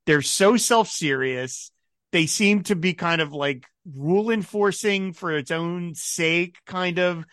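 A man co-hosting a casual comics podcast, animated and laughing often, slipping into mock voices for asides. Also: sits high, slow pace, dry recording, studio quality. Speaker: podcast co-host. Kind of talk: casual chat about comics.

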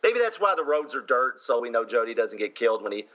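A man's voice: medium pitch, very animated, quick pace, fairly bright tone, highs cut off. A man with a Southern accent co-hosting a casual movie discussion, chatty and laughing often between fillers. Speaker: podcast co-host.

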